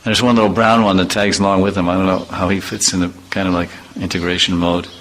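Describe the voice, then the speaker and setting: A man's voice: low-pitched, level tone, quick pace, a bit bright, a little hiss or hum, rough recording. A man, a spiritual teacher, giving an informal devotional talk with humorous storytelling and vivid imitations.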